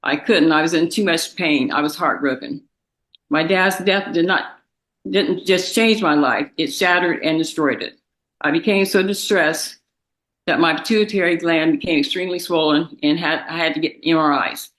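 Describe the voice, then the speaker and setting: In a courtroom, a young woman whose parent was the victim reads her prepared impact statement through tears. Emotional and halting, she restarts and repeats words in a bright voice that sits low, captured on poor audio.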